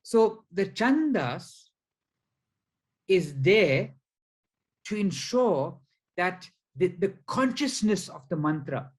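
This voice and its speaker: Slow, deliberate male spiritual teacher. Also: high voice, big pitch swings, low-quality recording. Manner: slow, deliberate explaining with frequent fillers; counts syllables aloud one by one. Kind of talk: lecture with slides.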